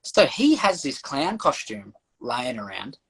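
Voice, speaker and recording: An Australian man chats loosely as a podcast guest and spins an anecdote. He mimics the people he quotes, and his voice has a slightly breathy, husky grain. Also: mid-range voice, unhurried, low-quality recording. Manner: animated anecdote-telling, acts out quoted voices. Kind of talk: casual storytelling chat.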